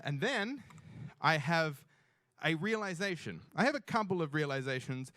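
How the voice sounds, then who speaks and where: A young Australian man telling a funny personal story on stage, animated and self-mocking, swearing freely. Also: fairly high pitch, moderate pace, dry recording, studio quality. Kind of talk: live storytelling.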